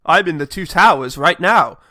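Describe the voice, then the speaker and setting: Sardonic weary old villain put on by a man, dry delivery, bright tone. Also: a little high, lively intonation, moderate pace, no room sound. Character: weary old male villain, fed up with his career.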